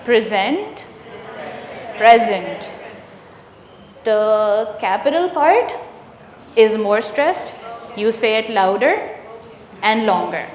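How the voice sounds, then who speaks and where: A woman runs a teacher workshop, putting questions to the room and confirming the answers. She speaks slowly in a fairly high voice. The sound is roomy, with a long echo from the training hall. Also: animated. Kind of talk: interactive teacher training lesson. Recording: echoey room with long reverb.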